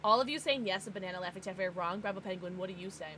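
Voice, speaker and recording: An American woman livestreaming, chatting casually with her viewers in an excitable, bubbly way. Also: mid-range voice, very fast, slight background noise. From United States. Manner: excitable, bubbly, gasps and laughs often.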